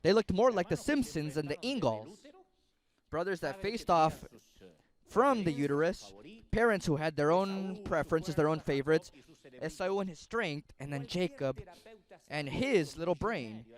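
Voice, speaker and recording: Male pastor, sermon, high and animated, playful storyteller. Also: moderate pace.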